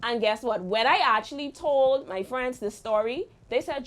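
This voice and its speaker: A young woman hosts her show and tells a personal story in an animated, exclaiming way. Her voice sits a little high, and she speaks in a casual storytime monologue. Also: moderate pace, a little hiss or hum. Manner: lively, animated retelling with exclamations. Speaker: host.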